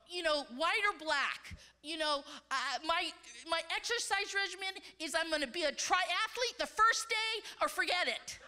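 A woman in her fifties preaching in a large church, swinging between loud exclamations and hushed asides. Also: very high-pitched, moderate pace, hardly any pauses. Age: 50s. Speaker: conference speaker. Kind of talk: sermon.

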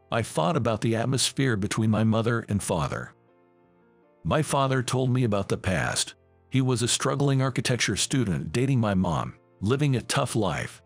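A man narrates a scripted first-person story in an earnest tone. His voice has a gravelly grain and a lively rise and fall. It is recorded dry, with faint music underneath. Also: medium pitch, dry recording.

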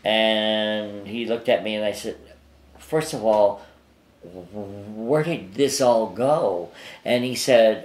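Older man, lowish voice, rambling anecdotes, lots of fillers, roomy apartment echo. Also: takes it slowly. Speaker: psychic guest. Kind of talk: casual storytelling interview. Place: his apartment.

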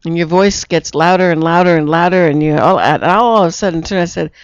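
A woman's voice: on the low side, brisk, smooth, no room sound. A woman hosting an internet radio talk show, chatting casually with a guest and telling stories in which she acts out quotes. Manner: storytelling, acts out quotes in her own voice. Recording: dull lo-fi internet radio sound.

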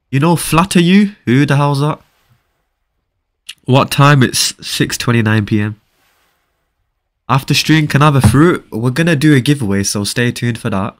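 A man's voice: mid-range voice, expressive, normal speed, long pauses. A young man, chatting casually on a live game stream and bantering with viewers. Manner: casual, bantering, reads viewer chat aloud.

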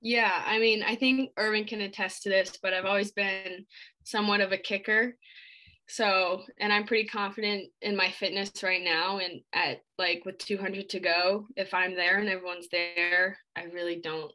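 Bright-voiced young woman, casual answers. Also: mid-range voice, moderate pace, rough recording. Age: young adult. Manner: relaxed, filler-heavy speech, many "like"s. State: shivering after an ice bath. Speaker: athlete interviewee.

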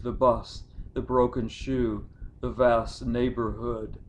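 A man's voice: medium pitch, level tone, very slow, darkish tone, muffled recording, a little hiss or hum. A poet reading his own poem as an incantatory litany that builds to chanted cries. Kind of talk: poetry reading.

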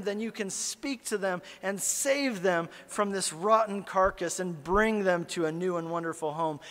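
A man preaching a sermon as a pastor, telling a story and swinging from hushed asides to loud, animated calls. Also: sits high, big-room sound. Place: church sanctuary.

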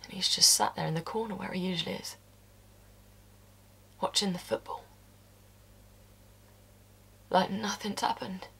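A woman's voice: on the low side, moderate pace, pauses often, slightly rough. An actress performing a stage monologue as a blunt, working-class woman who confesses to a killing, swearing and dropping into whispers.

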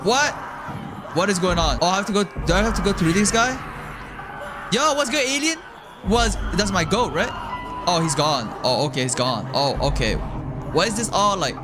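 Excitable, screaming gaming commentator man. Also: high voice, moderate pace, long pauses, over music. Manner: excitable, jokey, yelps and screams. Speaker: gaming YouTuber. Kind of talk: horror game commentary.

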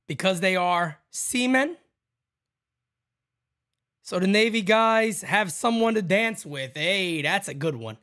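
A man hosting a fan livestream, calling a baseball game pitch by pitch in a casual, excitable way and chatting with viewers between plays. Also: takes it slowly, pauses often. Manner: excitable, jumps to loud calls on big plays. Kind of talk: casual play-by-play with chat shout-outs.

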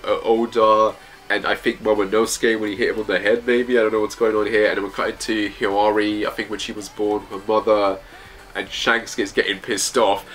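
A man's voice: on the low side, a bit bright. A man reviewing manga chapters in casual commentary, reading panels aloud in loose, slangy phrasing.

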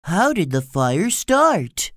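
A curious young boy from a storybook, voiced by a man. He talks slowly and carefully, with a lively rise and fall. It is recorded dry and close. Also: sits high, no echo, voice pushed up, heavily acted.

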